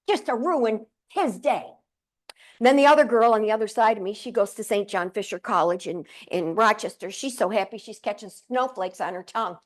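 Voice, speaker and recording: An older woman from central New York giving a humorous motivational keynote to a live audience, telling stories with chatty, playful asides. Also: a little high. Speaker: keynote speaker. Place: conference room with audience.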